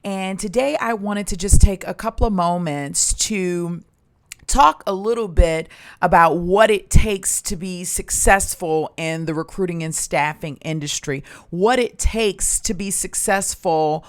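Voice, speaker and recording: A woman's voice: lowish voice, a little slow. Upbeat woman coaching in a business tutorial. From Maryland, USA. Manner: upbeat, coaching tone with frequent fillers and restarts. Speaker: recruitment and staffing coach.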